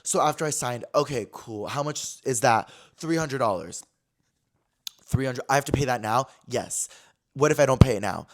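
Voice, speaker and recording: A young man hosting a casual talk show, telling a story in an animated way, acting out quotes and swearing freely. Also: medium pitch, normal speed. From California. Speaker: podcast host.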